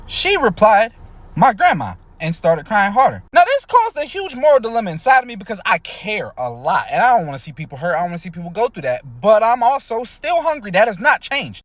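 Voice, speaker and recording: A man telling a self-deprecating, animated comedic storytime. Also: high voice, dry recording.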